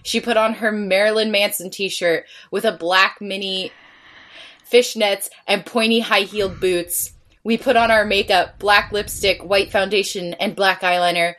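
A woman's voice: medium pitch, fairly even intonation, measured pace, a bit bright. A woman co-hosting a podcast, reading aloud with a straight face and often stumbling into giggles. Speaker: podcast co-host.

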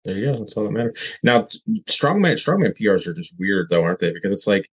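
A man with a lowish voice co-hosts a loose, casual podcast chat. He talks freely, drops swear words without a second thought, and puts listener questions to his guest. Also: sing-song, fast talker, husky, poor audio. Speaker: podcast co-host.

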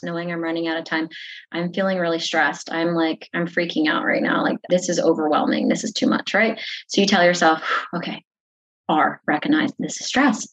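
Lively woman explaining on a podcast. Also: fairly low pitch, lo-fi sound. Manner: animated, acts out inner self-talk, laughs often. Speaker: podcast guest. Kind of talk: conversational teaching.

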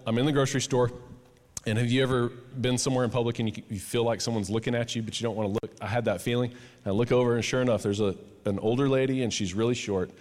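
A man pastor telling a personal story in a conversational sermon, then building to an impassioned call to his congregation. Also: medium pitch. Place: church auditorium. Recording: long hall reverb.

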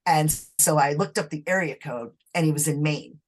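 A woman guest in an interview, telling a personal story in a conversational, animated way. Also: normal speed, slight background noise. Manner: animated, acts out quoted talk with sudden high pitch and laughs. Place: lived in Massachusetts.

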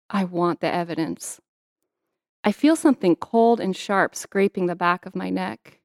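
A woman's voice: mid-range voice, dry recording, studio quality. A young adult woman, an author, reading her memoir in an earnest, intimate way and answering interview questions.

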